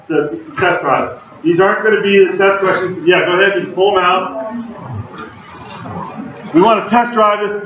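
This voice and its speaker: Man, university lecturer, casual chatty delivery, distant mic, dull lo-fi recording with faint hum. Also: high voice. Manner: casual, conversational, chatty with asides. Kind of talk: classroom lecture. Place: large lecture hall. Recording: very echoey hall, voice far from the mic, dull lo-fi sound, faint background hum.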